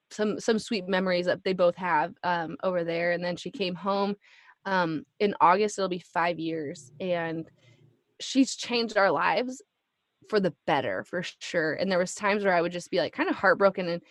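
A woman in her thirties tells a family story as a podcast guest, chatty and animated, acting out the voices of the people she quotes. Her voice sits a little low. The sound is dry, with no room echo. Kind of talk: casual chat.

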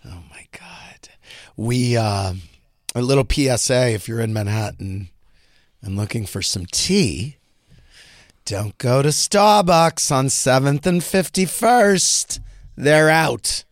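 A man's voice: mid-range voice, animated, slow pace, no echo, clean studio sound. A man hosting a podcast, chatting and telling theatrical, gossipy stories. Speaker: podcast host. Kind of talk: casual chat.

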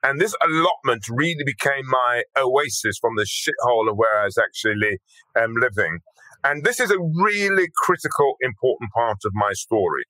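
A man's voice: mid-range voice, lively intonation, moderate pace, bright, forceful tone, no echo, poor audio. An older man from Birmingham, a podcast guest telling his life story in a blunt, earthy, emphatic way with casual swearing. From Birmingham, England. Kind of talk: storytelling interview talk.

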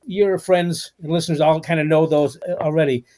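A man's voice: a little high, fairly quick. A man in his sixties, a guest author telling stories in a podcast interview, with lots of fillers and restarts. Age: 60s. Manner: animated storyteller with frequent fillers.

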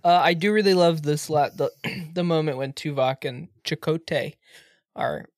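Woman podcaster swearing and acting out quotes, lively casual chat, dry close sound. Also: sits low, moderate pace, no echo. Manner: animated, swears freely, acts out quotes. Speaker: podcast co-host.

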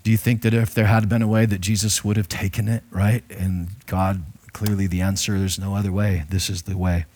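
A man's voice: on the low side, flat delivery, a little fast, a little mellow. Conversational male pastor preaching. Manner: conversational and playful, with frequent restarts. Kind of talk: sermon reading and explaining scripture.

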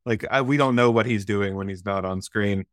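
A man's voice: lowish voice, moderate pace, dry recording. Analytical man in a dry podcast chat. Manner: analytical, critical, with stammered restarts. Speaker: podcast co-host. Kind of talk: casual movie discussion.

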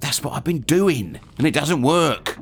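An actor playing a glum, blunt pirate captain who would rather be the ship's cook. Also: male voice, a little high, expressive, a little slow, slight background noise. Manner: grumbling, blunt.

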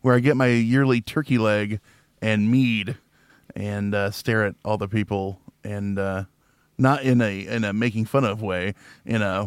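A man's voice: lowish voice, fairly even intonation, a little slow, clear, resonant tone, dry recording. A man from Illinois chatting casually on a podcast, joking and rambling with frequent laughs. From Illinois, near Chicago. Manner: jokey, rambling, laughs often.

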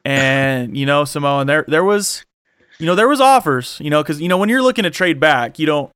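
A man's voice: on the high side, lively intonation, moderate pace, a bit bright, smooth, no echo, studio quality. A man hosting a casual sports podcast, talking loosely with lots of fillers and restarts. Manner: rambling, many fillers. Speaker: podcast host.

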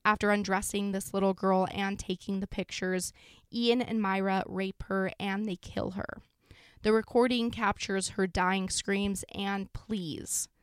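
A woman with a smooth, clear voice narrates a true crime story in a loose, chatty way, full of fillers. She sounds close and dry, with no room around her. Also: medium pitch, dry recording. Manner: casual, sombre retelling with frequent fillers. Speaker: podcast host.

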